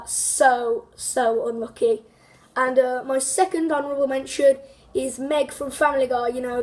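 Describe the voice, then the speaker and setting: Hosting an unscripted countdown video in a casual way, a woman speaks with a high-pitched voice and a darkish tone. Her delivery rambles, full of fillers, restarts, and little giggles.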